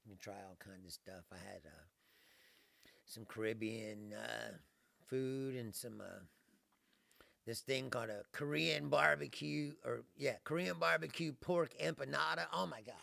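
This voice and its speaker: A man's voice: medium pitch, a little slow, vocal fry, bright, forceful tone, no room sound. A man hosting a livestream, ranting casually with profanity and frequent laughter, mocking people in impressions. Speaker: livestream host. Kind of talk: casual ranting political monologue.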